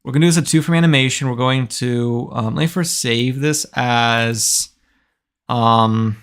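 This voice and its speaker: A twentysomething man livestreams himself building a game, talking loosely as he codes and restarting his thoughts often. His mid-range voice is unhurried, clean and a bit bright.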